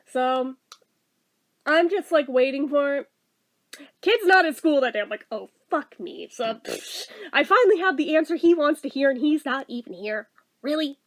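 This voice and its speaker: A woman's voice: high voice, expressive, moderate pace. A woman in her thirties telling a story in a casual vlog, chatty and exasperated, swearing and laughing as she goes. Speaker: vlogger.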